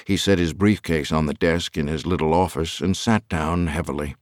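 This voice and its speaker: Man, audiobook narrator, deep voice, expressive, dry close sound. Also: moderate pace, no room sound.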